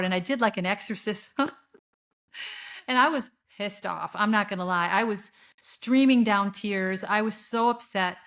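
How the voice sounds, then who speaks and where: A woman's voice: mid-range voice, unhurried, fairly bright tone. A middle-aged woman hosting a spiritual podcast, talking in an earnest, rambling way with fillers and restarts. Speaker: podcast host. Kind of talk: spiritual monologue.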